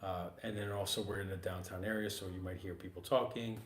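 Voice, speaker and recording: A lowish, slightly hoarse man hosts a relaxed chat, rambling and easygoing with plenty of fillers. He sounds like he's in a roomy shop, with a faint hum of ambience behind him. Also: fairly quick. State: hoarse, getting over losing his voice. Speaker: podcast host. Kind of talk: casual chat. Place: art supply store, working studio.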